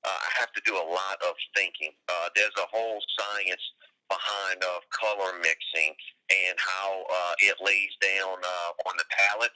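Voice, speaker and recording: A man's voice: low voice, pushed and bright, low-quality recording. A middle-aged man from New Orleans with a New Orleans accent, chatting as an artist guest in an easygoing, rambling way with many fillers. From New Orleans, Louisiana. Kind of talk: casual interview chat.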